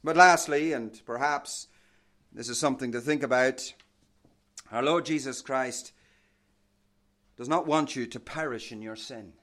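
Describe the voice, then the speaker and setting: A man preaching a sermon with passion, quoting old-fashioned scripture, his voice swelling loud and then dropping to a hush. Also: mid-range voice, unhurried, long pauses.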